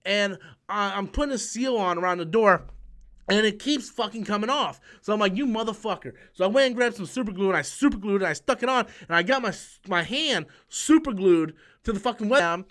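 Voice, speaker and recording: A man's voice: high-pitched, fairly bright tone. A young adult man hosting his own channel, telling a story in a rambling, profane rant with many restarts. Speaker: YouTube channel host.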